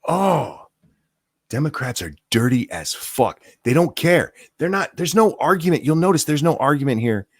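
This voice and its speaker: A man's voice: on the high side, big pitch swings, normal speed, no room sound, clean studio sound. A man hosting a show, delivering a profane, heated political rant with mocking outbursts. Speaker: host.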